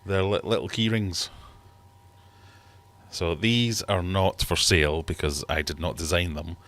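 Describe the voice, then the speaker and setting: Man, british accent, thirties, very low voice, rambling livestream host, jokey, reads chat aloud. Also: steady tone, a little slow, a bit bright. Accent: British English. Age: 30s. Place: home fish room.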